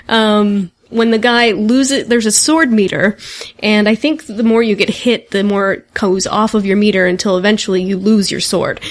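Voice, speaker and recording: A woman's voice: mid-range voice, unhurried. A woman co-hosting a casual video game podcast, chatting loosely and breaking into giggles between phrases. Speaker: podcast co-host.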